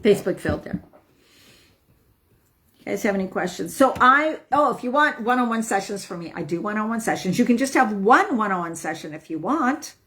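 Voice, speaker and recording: A woman's voice: medium pitch, expressive, a little fast, fairly bright tone. A woman health coach talking casually to viewers on a live stream, emphatic and upbeat, often asking "right?".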